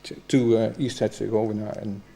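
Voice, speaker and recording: Gravelly male examiner. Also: fairly low pitch, level tone, dark tone. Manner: halting, hesitant, many fillers. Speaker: examiner at a doctoral defense. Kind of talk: formal academic questioning.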